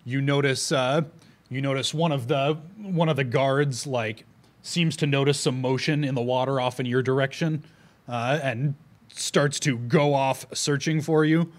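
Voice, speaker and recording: Male game master, mid-pitched, loose rambling narration, tabletop session. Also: steady tone, a little slow. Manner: rambling, with many fillers and restarts.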